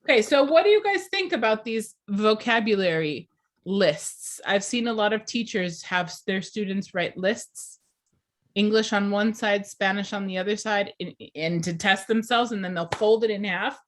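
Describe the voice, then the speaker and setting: Woman teaching a class, clear and deliberate. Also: medium pitch, animated. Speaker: teacher trainer. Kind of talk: class lecture.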